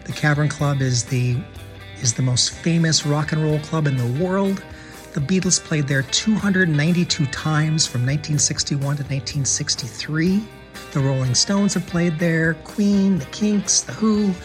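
A man's voice: a little high, unhurried, faint music behind. An American man hosting a casual travel podcast, chatty and enthusiastic, often repeating words as he thinks. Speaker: podcast host.

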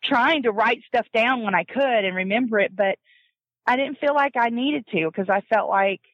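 A woman telling a personal family story in a casual, animated way, often laughing and acting out what others said. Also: fairly high pitch, normal speed, no echo. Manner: animated, laughs often, acts out quoted voices. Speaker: guest telling her adoption story. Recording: dull lo-fi dry recording.

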